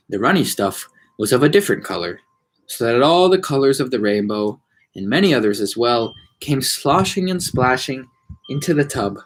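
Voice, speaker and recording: A man reading a children's novel aloud for storytime with an expressive delivery and a husky voice. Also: mid-range voice. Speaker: storytime reader.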